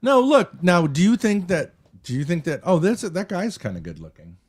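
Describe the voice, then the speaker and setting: A man's voice: high-pitched, sing-song, normal speed, breathy edge. A man chatting casually as a streamer reviewing his call-in, rambling, joking and provocative. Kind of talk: casual chat.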